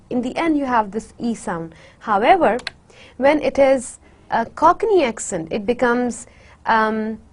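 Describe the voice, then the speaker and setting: Slow, hesitant woman lecturer. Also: a little high, sing-song, a little mellow. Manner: slow, hesitant, many fillers; demonstrates sounds by repeating words. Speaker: literature lecturer. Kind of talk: university lecture.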